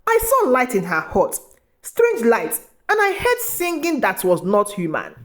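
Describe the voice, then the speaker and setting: Woman narrator playing a ruthless fisherman, scheming and accusing, storybook tale, lively pitch. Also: measured pace. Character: ruthless spiteful male fisherman.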